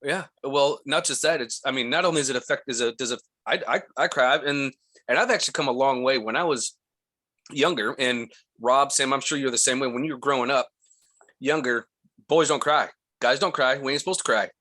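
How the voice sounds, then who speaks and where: A man telling a personal story in casual conversation, animated and acting out the voices he quotes. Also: mid-range voice, brisk. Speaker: guest.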